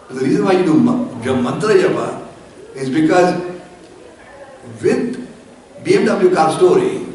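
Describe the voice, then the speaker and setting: Male spiritual teacher, slightly high voice, chatty lecturing, recites verses; distant, very echoey room. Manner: explains Sanskrit verses line by line, reciting and chanting them; conversational lecturing with asides and stories. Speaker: spiritual teacher giving commentary. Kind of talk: religious discourse. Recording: echoey room, voice from far off, faint noise.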